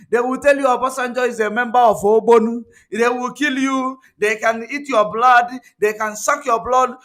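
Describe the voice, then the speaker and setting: High, bright-voiced man lecturing. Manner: emphatic, repetitive, lecturing. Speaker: online commentator. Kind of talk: livestream commentary.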